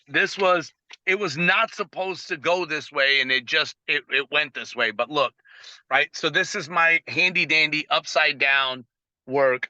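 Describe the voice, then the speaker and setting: A middle-aged man with a bright, forceful voice pitched a little high, speaking over a video call with a dry, close sound. He tells his stories with energy and jumps into the quotes with excitement. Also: no room sound, rough recording. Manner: energetic, animated storyteller acting out dialogue. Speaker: network marketing team trainer. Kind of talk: live team training call.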